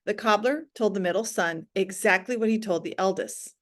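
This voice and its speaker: A woman teacher reading a story aloud to her class, expressive, with casual asides. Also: medium pitch, moderate pace.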